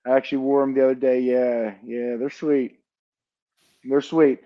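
A man's voice: mid-range voice, level tone, moderate pace, muffled recording. A man co-hosting a casual podcast chat, teasing his teammates. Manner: joking, teasing banter. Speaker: podcast co-host, football player.

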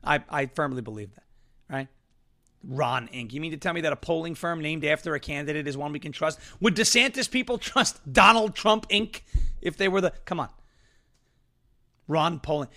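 A man's voice: fairly high pitch, brisk, long pauses, fairly bright tone. A man hosting a political talk livestream, ranting with a combative, sarcastic edge. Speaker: political talk show host.

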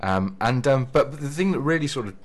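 A man co-hosting a radio show, chatting casually and rambling with many pauses and restarts. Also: medium pitch, expressive. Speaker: radio co-host.

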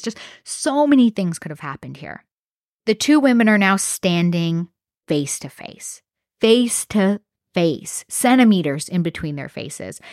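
A woman's voice: on the low side, dry recording, clean studio sound. A woman hosting a true crime podcast, telling the story in a casual, reactive way with the odd swear word.

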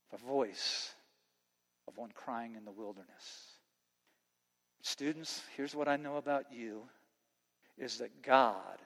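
A man preaching a sermon to students as their pastor, impassioned, swinging between loud preaching and quiet earnest talk. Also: a little high, long reverb tail. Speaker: youth pastor.

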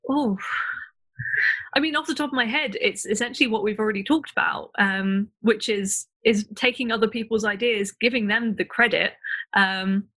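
A woman's voice: mid-range voice, moderate pace, a bit bright. A woman on a panel discussion, thinking aloud with frequent ums as she gives advice. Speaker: panel guest.

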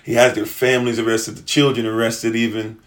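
A man's voice: mid-range voice, little pitch movement, a little fast. A man preaching in a casual, slangy way, retelling a scripture story and acting out its characters.

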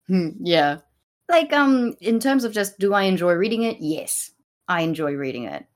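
A woman co-hosting a podcast, talking in a slow, hesitant and wry way with lots of ums. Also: mid-range voice, lively intonation. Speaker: podcast co-host. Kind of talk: casual podcast discussion.

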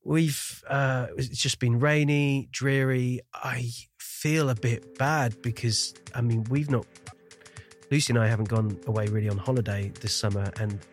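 A man's voice: medium pitch, level tone, unhurried, soft background music. A man from the Shetland Islands with a mostly neutral British accent, hosting a podcast in casual, self-deprecating chat and laughing often. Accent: neutral British with faint traces. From Shetland Islands, Scotland. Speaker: podcast host.

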